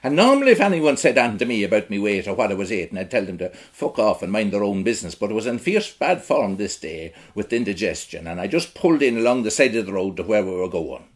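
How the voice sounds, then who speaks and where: Husky-voiced rural Irish man storytelling. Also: lowish voice, very animated, quick pace, few pauses. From Ireland. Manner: blunt, earthy storytelling. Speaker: actor in a one-man show. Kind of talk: theatrical monologue.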